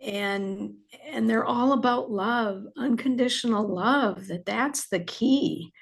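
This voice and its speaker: A woman's voice: fairly high pitch, slow pace, vocal fry, breathy edge. A woman author as a podcast guest, chatting casually with many fillers and getting emotional as she talks. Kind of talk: casual interview chat.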